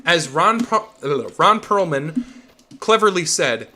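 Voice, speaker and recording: A young man chats loosely over a game stream. His voice sits fairly high and sounds bright and forward. He rambles, restarts and swears freely as he rants. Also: animated, a little slow, slight background noise. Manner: rambling, profane ranting. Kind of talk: casual game chat.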